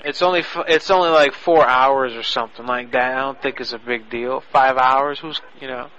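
A man's voice: mid-range voice, fairly even intonation, moderate pace, pushed and bright. A man making a prank phone call, lecturing in an indignant way over a lo-fi line. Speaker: prank caller. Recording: lo-fi phone audio on radio.

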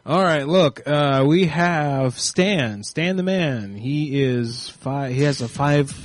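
A man's voice: on the high side, slow, no room sound. A man hosting crude prank calls, talking in a laid-back, profane drawl. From Tennessee. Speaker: prank call radio host. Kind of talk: crude prank call comedy.

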